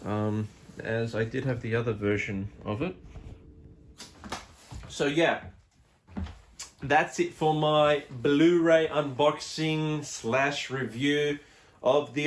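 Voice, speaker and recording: Rambling man unboxing a film. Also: fairly high pitch. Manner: rambling, with many fillers and restarts. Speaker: collector reviewing a film release. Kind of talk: casual unboxing chat.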